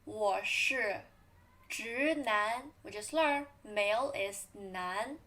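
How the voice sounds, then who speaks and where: Young female teacher, very slow drilled delivery, clear bright tone, repeats every word. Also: medium pitch. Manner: drawn-out model pronunciations, repeating each word. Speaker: Chinese teacher. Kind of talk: slow language lesson with repetition drills.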